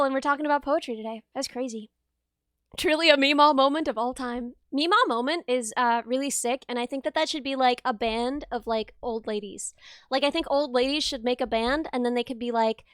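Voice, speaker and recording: Giggly high-voiced young woman streamer. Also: a little fast, a bit bright, clean tone, dry recording, clean studio sound. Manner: giggly, chatty, reads chat aloud. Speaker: livestreamer. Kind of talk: casual live-stream chat. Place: her bedroom.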